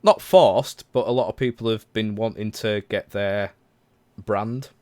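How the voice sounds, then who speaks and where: A man's voice: lowish voice, measured pace, a little mellow, no echo. A man in his thirties hosting a casual livestreamed podcast, talking in a rambling, chatty way full of self-corrections. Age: 30s. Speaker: podcast host.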